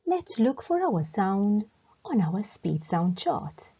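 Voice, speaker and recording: A woman leads young children through a phonics lesson, stretching out each letter sound before the whole word. Her voice swoops up and down in a lively, sing-song way at an unhurried pace. The recording is dry and a little dull in tone. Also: no echo. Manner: slow, clear sounding-out with lively up-and-down pitch. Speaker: phonics teacher.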